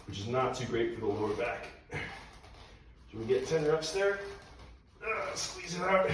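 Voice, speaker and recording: A man's voice: medium pitch, distant mic. A man coaching a band workout while he does the exercises himself, audibly out of breath. His voice bounces around a very echoey room. He sounds set back from the mic, with faint background noise behind him. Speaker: personal trainer. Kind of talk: workout instruction. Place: room at home.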